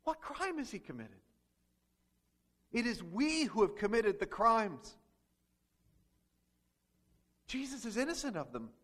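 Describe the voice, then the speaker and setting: A man's voice: sits high, fairly bright tone. A man preaching a sermon as pastor, asking the congregation rhetorical questions and acting out quoted speech.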